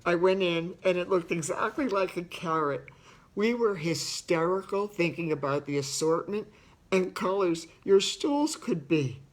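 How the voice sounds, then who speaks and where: Slow-talking woman reading her memoir. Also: lowish voice. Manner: reminiscing, often laughing through her reading; slow, unhurried delivery. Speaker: author reading and discussing her book. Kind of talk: book reading mixed with personal talk.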